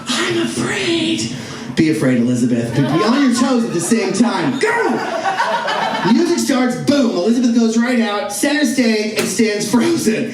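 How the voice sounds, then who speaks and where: A man's voice: very high-pitched, normal speed, over a noisy crowd. A man from Staten Island telling a comic story live on stage, acting out the other people in it. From Staten Island, New York. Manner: animated, acts out other people's voices. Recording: echoey hall, recorded from far off, audience. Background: audience laughter.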